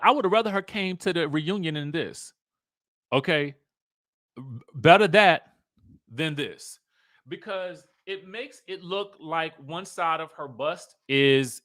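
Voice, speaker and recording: A young man, hosting a casual live stream in a sassy, playful, animated way, repeating words for effect. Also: on the high side, no room sound, clean studio sound. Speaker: host.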